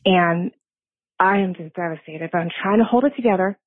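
A woman's voice: lowish voice, moderate pace, no room sound. A woman in her fifties, a caller leaving a voice message, tells a personal story in a nervous, earnest way and laughs at herself. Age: 50s. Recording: tinny phone line.

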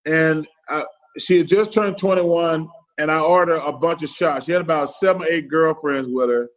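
Middle-aged man, podcast guest who tells stories in quoted dialogue, voice pitched slightly high. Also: normal speed, poor audio. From Alabama, US. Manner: retells stories in quoted dialogue, keeps repeating "I said". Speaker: podcast guest, former pro athlete. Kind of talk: casual storytelling.

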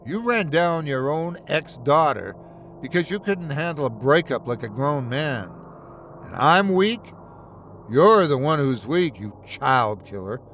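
A man's voice: on the high side, expressive, a little slow, fairly bright tone, slight background noise. Male narrator voicing a battered man in chains; strained, desperate, pleading. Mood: furious.

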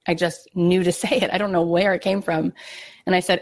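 A woman's voice: lowish voice, flat delivery, brisk. A middle-aged woman and podcast host giving a heartfelt motivational talk, earnest and emotional, acting out her own inner voice.

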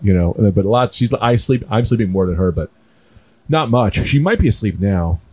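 A young adult man hosting a podcast in casual chat, an animated storyteller who swears freely and acts out voices. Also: fairly low pitch, brisk, husky. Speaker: podcast host.

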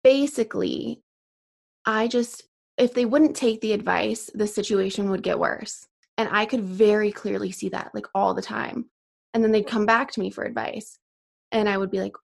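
A woman's voice: medium pitch, fairly even intonation, normal speed, creaky. A young woman hosting a solo podcast, chatty with many fillers and sighs, a bit out of breath. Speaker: podcast host.

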